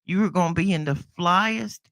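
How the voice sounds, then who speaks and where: A woman's voice: on the low side, moderate pace, a bit bright, no echo. A woman from the American South with a Southern accent, co-hosting a casual video-call chat in a folksy, playful way. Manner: folksy, playful, says y'all a lot. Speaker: co-host.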